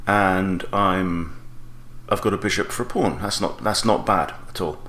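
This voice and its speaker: Deep-voiced man thinking through chess moves. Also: measured pace, reverberant, a little hiss or hum. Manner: analytical, weighs moves out loud, self-correcting. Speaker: chess coach. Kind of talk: thinking aloud while playing a chess game.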